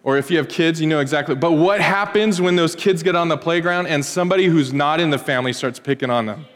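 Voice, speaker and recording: Male preacher, casual and playful delivery, higher voice, echoey church hall. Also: fast. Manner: conversational, joking, acts out little scenes. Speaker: pastor. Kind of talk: sermon.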